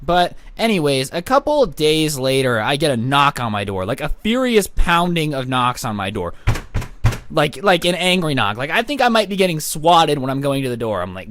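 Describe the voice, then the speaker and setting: A man's voice: fairly high pitch, sing-song, normal speed, fairly bright tone, no echo. A young man telling a story time on his channel, chatty and sarcastic with lots of fillers. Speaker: YouTuber storyteller.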